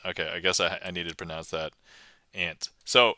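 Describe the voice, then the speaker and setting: A man's voice: low-pitched, steady tone, normal speed, pushed and bright, no room sound. A man from New England with a light New England accent, streaming casually, reading a tricky poem aloud, laughing and stumbling over words as he thinks aloud.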